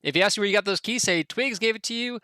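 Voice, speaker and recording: A man putting on a high, squeaky halfling deputy who sounds bright and edgy. He whines, gets defensive and climbs into frantic squeals in a dry, close tabletop recording. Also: fast talker, smooth, no echo. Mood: dismissive. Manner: defensive, whiny, rising to squeaky panic.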